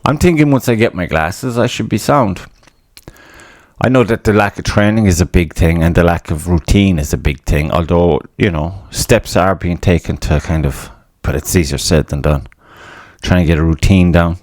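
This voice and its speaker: A low-voiced Irish man talks loosely on his own podcast. He rambles, drops curses constantly and mocks his own failures with a laugh. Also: moderate pace, a little mellow, dry recording, clean studio sound. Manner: swears a lot, self-mocking, laughs at himself. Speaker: podcast host. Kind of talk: casual rambling monologue.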